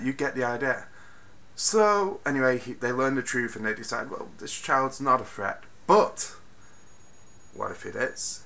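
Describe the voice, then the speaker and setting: Animated, bright-voiced male film reviewer. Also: medium pitch, creaky. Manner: animated, swings from mutters to loud bursts; swears freely, exasperated rants. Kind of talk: casual spoken film review.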